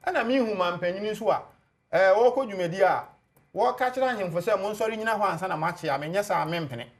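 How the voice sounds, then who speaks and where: High-voiced Ghanaian man listing points. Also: fairly quick. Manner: lays out points one by one, assured. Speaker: panelist. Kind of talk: political debate on TV, mixing Twi and English.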